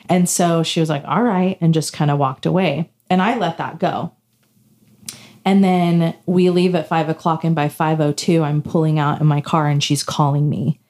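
A woman with a low-pitched voice chats casually as a podcast co-host. She tells personal stories and slips into quoted dialogue as she acts them out. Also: normal speed. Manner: animated storytelling, acting out quoted dialogue. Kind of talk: casual chat, telling a personal story.

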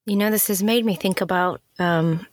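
A woman's voice: on the low side, moderate pace, a little hiss or hum. A woman podcast host and seminary student speaking casually, reflective and earnest.

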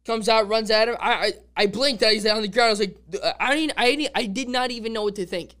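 Excitable young-sounding man, smooth voice. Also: sits high, quick pace. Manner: excitable, says "dude" constantly; rambling fan talk with restarts. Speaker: podcast host. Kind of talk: casual podcast monologue.

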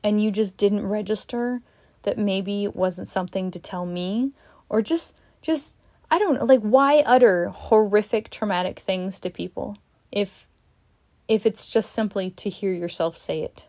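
A woman speaks straight to camera in a frustrated, blunt venting monologue, swearing freely and breaking off into sighs and halting restarts. Her voice sits at an ordinary middle pitch. The sound is close and dry, with no room around it. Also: dark tone, no echo. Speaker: vlogger.

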